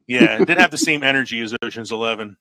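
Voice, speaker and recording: A man's voice: medium pitch, quick pace, bright, forceful tone, no room sound, poor audio. A man in casual movie chat as a podcast co-host, laughing often and trailing off into fillers.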